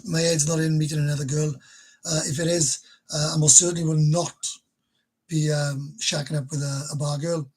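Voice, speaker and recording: A middle-aged man chats bluntly on a casual livestream. His voice is rough and husky and sits a little high for a man, and he swears freely as he talks. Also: poor audio. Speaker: livestream host.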